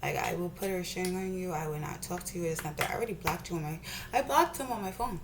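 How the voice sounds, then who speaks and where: A woman's voice: fairly low pitch, fast talker, heavy background noise. A young woman vlogger ranting heatedly and profanely while doing her makeup at home, often repeating herself. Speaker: beauty vlogger.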